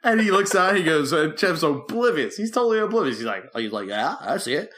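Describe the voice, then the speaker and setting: A man's voice: high-pitched, big pitch swings, fast, fairly bright tone. A man, co-hosting a podcast and telling a rambling story from his youth ministry days, with many restarts and acted-out quotes. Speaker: podcast co-host, former youth pastor. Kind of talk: casual storytelling chat.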